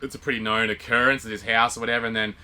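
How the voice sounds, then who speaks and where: Australian man telling a story brightly. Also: mid-range voice, racing. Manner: animated retelling with quoted dialogue and laughs. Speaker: vlog co-host. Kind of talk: casual storytelling.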